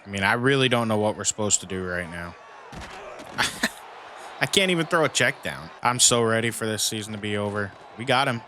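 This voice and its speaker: Brief: male gaming commentator, bright forceful voice, lower-pitched, exasperated running play-by-play, faint background noise. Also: lively intonation, moderate pace. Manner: frustrated, venting at his team with mild cussing. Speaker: gaming YouTuber playing a football dynasty mode. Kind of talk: casual gameplay commentary.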